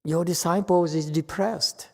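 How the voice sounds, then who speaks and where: A man giving a Buddhist lecture, pressing his listeners with pointed rhetorical questions and jumping up in pitch to stress a point. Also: fairly even intonation, measured pace, creaky, long reverb tail. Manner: sudden rises in pitch and force when stressing a point. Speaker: Buddhist teacher. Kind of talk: Dharma lecture.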